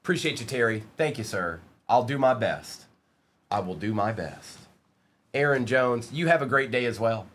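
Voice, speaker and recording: A man's voice: medium pitch, lively intonation, normal speed, a bit bright, slight background noise. A man hosting a live-streamed trading card break, reading out player names and bantering with the chat in a playful way.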